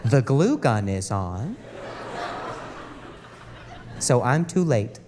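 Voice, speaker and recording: A man's voice: mid-range voice, big pitch swings, extremely slow, in a large hall. A man doing stand-up, telling an exasperated story on a comedy club stage. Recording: live club recording with audience noise.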